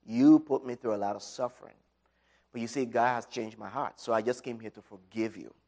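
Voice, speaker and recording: A middle-aged man giving an inspirational talk, telling a personal story with dramatic swings from loud to quiet. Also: medium pitch, brisk. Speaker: speaker.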